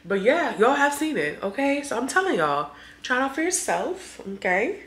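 Chatty, playful woman vlogger, lively voice. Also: high voice, normal speed, roomy sound. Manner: chatty and playful, talks straight to viewers. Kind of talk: casual sponsored vlog chat.

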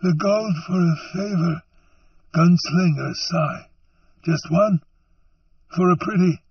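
A man voicing an addled, decayed old man who wheedles in a cracked, creaky voice, heard as a dull, distant recording. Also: sits high, slow, no echo, voice pushed up, heavily acted. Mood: wheedling.

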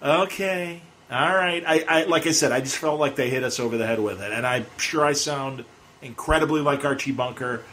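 A man with a mid-pitched voice hosts a loose, casual chat. He is talkative and opinionated, and he often trails off mid-sentence before picking up a new thought. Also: brisk, fairly bright tone, a little hiss or hum. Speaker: host.

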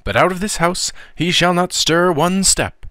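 A fretful middle-aged aunt calls out in a high, shrill voice, as a man puts her on for a storybook reading. Her scolding rises and falls sharply, and the recording is dry and close. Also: very animated, normal speed, bright, forceful tone, no echo, exaggerated voice. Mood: resolute.

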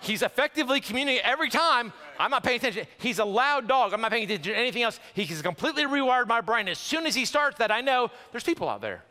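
A male pastor preaching a sermon in a church sanctuary, animated and conversational with quick restarts and jokes. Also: very high voice. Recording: long church hall reverb.

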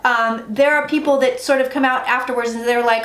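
A woman reads tarot in a rush of excited, emphatic speech, swearing freely as she talks like an auctioneer. Her voice sits a little high. The room gives an echo and a faint hiss underneath. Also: fairly quick, few pauses. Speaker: psychic tarot reader. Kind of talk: excited tarot reading monologue. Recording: echoey room with faint noise.

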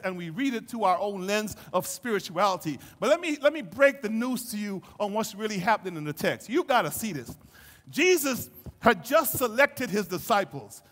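A man preaching a sermon as pastor, building from calm teaching to shouted fervor and acting out the voices in the story. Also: high-pitched, in a large hall. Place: church sanctuary.

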